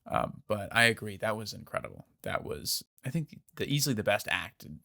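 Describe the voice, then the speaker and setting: A man with a lowish, gravelly voice that still sounds bright and edgy weighs in on a film on a podcast. He speaks in a measured, thoughtful way. He pauses often and fills the gaps with "um.". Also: very animated. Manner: reflective, measured, with frequent "um". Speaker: podcast co-host. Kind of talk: casual film discussion.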